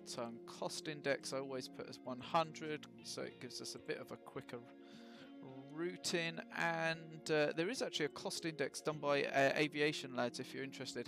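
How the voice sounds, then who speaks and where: Man, live-stream flight sim commentary, fairly high voice, rambling with fillers, joking. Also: vocal fry. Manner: chatty, self-mocking jokes, many ums and uhs.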